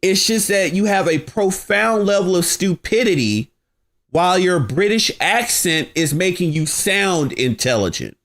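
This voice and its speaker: A man hosting a livestream, ranting in a combative, mocking way with slang and sudden rising shouts. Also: sits high, animated, unhurried. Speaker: livestream host. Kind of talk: heated livestream rant.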